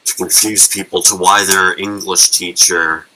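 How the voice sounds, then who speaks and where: Deep-voiced man joking dryly. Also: level tone, unhurried, sharp tone, rough recording. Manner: dry, joking, storytelling. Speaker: friend on call. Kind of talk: casual chat on voice call. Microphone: computer mic on voice call.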